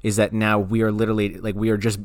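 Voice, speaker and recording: A man co-hosting a podcast in casual chat, excitable, swearing and laughing often. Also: fairly low pitch, fast talker, no room sound, clean studio sound. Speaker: podcast co-host.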